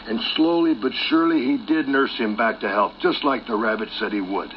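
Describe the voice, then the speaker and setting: A man telling a menacing fable as a wrestling promo, slow and hushed, sinking into whispers. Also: mid-range voice, noisy background. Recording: dull archive TV audio.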